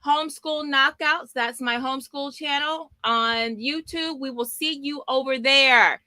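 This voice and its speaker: A middle-aged woman from Texas hosting a homeschool book club livestream from her small home office, lively and chatty, greeting viewers by name. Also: sits high, a little slow, no echo. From Texas, US South. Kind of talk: casual livestream book chat. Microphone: desk mic.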